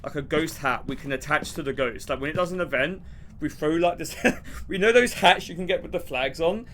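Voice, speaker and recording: A young man streaming a game, rambling and laughing as he plays, now and then shouting. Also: a little high, brisk, slight background noise. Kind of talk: casual gameplay commentary.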